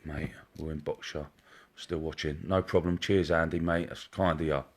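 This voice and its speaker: A man's voice: very deep voice, fairly even intonation, normal speed. A man hosting a live stream as a psychic medium, chatting casually and greeting viewers one by one by name in a chummy way. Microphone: wearing headphones.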